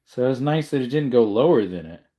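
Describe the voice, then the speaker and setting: A tired man hosts a casual livestream and talks loosely to his viewers. He rambles, stops, and corrects himself as he goes, with a yawning, low-energy manner. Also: fast. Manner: rambling, self-correcting, relaxed. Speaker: livestream host.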